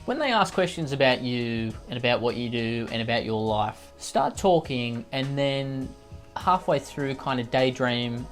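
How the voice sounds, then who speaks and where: Smug deadpan man, faint music behind. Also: mid-range voice, measured pace. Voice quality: slightly nasal, snivelling. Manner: smug, mock-serious and condescending. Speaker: comedy sketch host. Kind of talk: deadpan comedic advice monologue.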